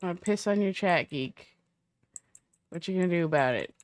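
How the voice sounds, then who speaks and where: A woman's voice: fairly low pitch, expressive, moderate pace, background noise. A woman streamer chatting casually and profanely with her viewers, rambling half to herself. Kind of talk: casual chat to stream viewers while setting up a roleplay character.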